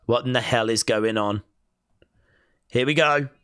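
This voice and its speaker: A man streaming a wrestling watch-along, giving excitable live reaction commentary and talking back at the screen. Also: medium pitch, a little slow, clean tone.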